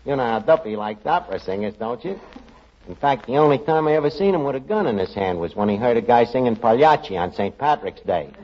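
A man's voice: mid-range voice, expressive, background noise, lightly acted. A man playing a brash, scheming bartender. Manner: brash, fast-talking schemer. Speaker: show's lead character. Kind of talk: 1940s radio comedy acting. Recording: dull old radio broadcast before an audience.

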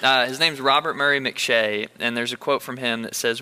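A man from Kentucky hosting a casual Bible study discussion, speaking in an earnest, unhurried, thoughtful way. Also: mid-range voice, fairly even intonation, bright, forceful tone, smooth. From Bullitt County, Kentucky.

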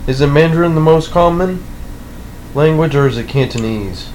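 A man chatting casually on a podcast, relaxed and easygoing. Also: a little high, moderate pace, slight background noise, poor audio. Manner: relaxed, easygoing, short remarks. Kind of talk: casual chat.

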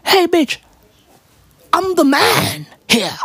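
A man's voice: very high voice, wildly swooping pitch, very slow, sharp tone, dry recording, pitched above the performer's own voice, heavily acted. A man mocking a brash pop star woman. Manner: brash, bossy, boyish bravado. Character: pop star woman turned swaggering gruff tough.

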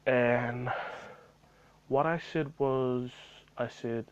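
A man's voice: mid-range voice, fairly even intonation, extremely slow, clear, resonant tone, muffled recording. A man telling a rambling story about his retail job in a casual vlog, full of fillers and swearing.

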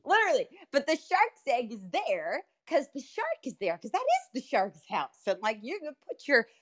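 A woman guest in a casual chat, telling stories in an animated way, swearing and laughing often. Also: fairly high pitch, normal speed. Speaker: podcast guest.

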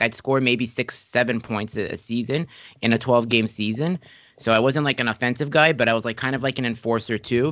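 A male podcast host tells stories in a lively, animated way, slipping into the voices of the people he quotes. His voice is mid-pitched and sounds dry and close. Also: no echo. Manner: animated storyteller, acts out quotes. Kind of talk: casual interview chat.

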